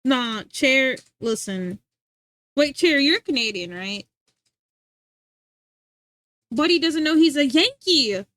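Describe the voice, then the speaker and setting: American woman streamer in her twenties, high voice, dry close sound, animated rambling chat. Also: no echo. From United States. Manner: animated, rambling, quick to laugh. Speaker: livestreamer. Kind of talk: casual chat with viewers.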